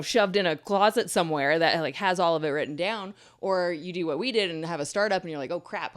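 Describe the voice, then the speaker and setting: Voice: mid-range voice, clear, resonant tone. Dentist co-host, laughing often. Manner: laughing often, quick short interjections. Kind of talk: casual podcast chat.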